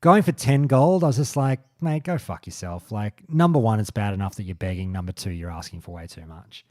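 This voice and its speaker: Forty-something guy ranting on his podcast, low voice, swears a lot, dry close sound. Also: a little fast, darkish tone, no echo. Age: 40s. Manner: rambling, blunt and profane. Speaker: podcast host. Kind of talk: casual monologue.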